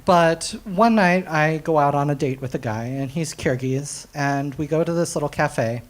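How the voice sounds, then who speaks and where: A young man from the US performs storytelling stand-up at a comedy night, animated, full of ums and uhs, and often laughing at his own material. His slightly high voice keeps a moderate pace.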